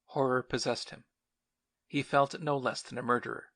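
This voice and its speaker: A man reading an audiobook in a steady, measured narration. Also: mid-range voice, dry recording, clean studio sound. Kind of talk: scripted narration.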